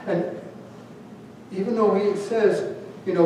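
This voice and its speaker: High-voiced pastor in echoey hall. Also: male voice, animated, unhurried, warm tone, a little hiss or hum. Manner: conversational, acts out quoted voices. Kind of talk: sermon. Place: church sanctuary. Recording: very echoey church hall, mic at a distance.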